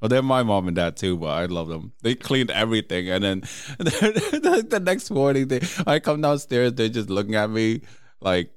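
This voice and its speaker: Brief: casual storyteller, man, lively swooping pitch, smooth clear voice, profane and laughing. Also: normal speed, dry recording, studio quality. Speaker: friend telling stories. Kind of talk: casual chat.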